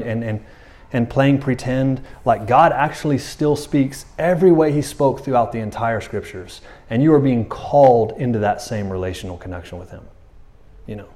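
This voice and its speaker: A man delivering a sermon in a loose, conversational way, with a voice of middling pitch. He keeps turning to the listeners with asides. He slips into quick acted-out voices when he quotes someone. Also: a little mellow. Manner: casual, conversational preaching with many asides. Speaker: pastor.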